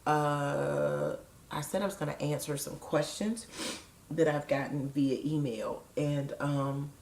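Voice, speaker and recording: Low-voiced woman, frank chatty vlogger. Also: steady tone, takes it slowly, gravelly, a little mellow, echoey room. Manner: frank, digressive, joking asides. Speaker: vlogger sharing weight-loss surgery experience. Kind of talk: casual chatty vlog.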